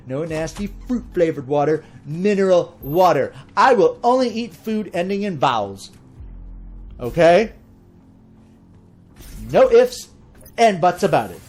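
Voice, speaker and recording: A man's voice: high-pitched, darkish tone. A pompous, self-important office worker, as a man puts him on, rattles off ridiculous demands in a haughty, lofty tone. The delivery swings up and down with showy indignation.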